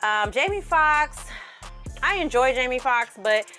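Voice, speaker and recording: A woman's voice: high-pitched, expressive, a little slow, bright, forceful tone, faint music behind. A woman giving a candid, blunt review to camera in a casual, rambling way, a little tipsy, with laughs. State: slightly tipsy. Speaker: film reviewer.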